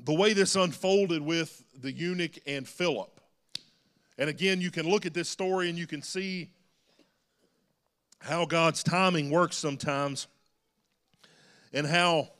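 A man's voice: a little high, unhurried, pauses often, a bit bright. A man preaching a sermon in a church, earnest and rising to emphatic calls. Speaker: pastor. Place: church sanctuary.

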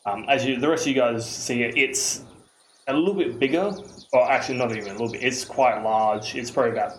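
A man's voice: medium pitch, fast, echoey room, rough recording. A man narrating as game master, hesitant and full of fillers. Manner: rambling, hesitant, many fillers.

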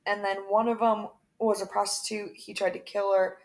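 A woman's voice: medium pitch, little pitch movement, moderate pace, a little mellow. A young woman co-hosting a podcast in casual chat, talky and full of fillers. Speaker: podcast co-host.

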